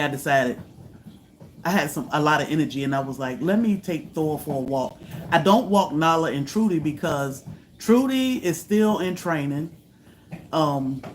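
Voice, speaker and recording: A woman, hosting a casual livestream and telling stories in a lively way, jumping up high and loud when she acts out what people said. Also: slight background noise. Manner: animated, acts out quotes with high loud bursts. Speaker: homestead channel host.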